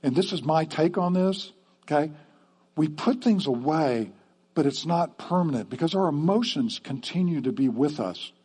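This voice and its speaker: A man's voice: on the high side, a little mellow, husky. A man preaching a sermon to his church in a conversational way, often checking in with the congregation with "okay?". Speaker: pastor.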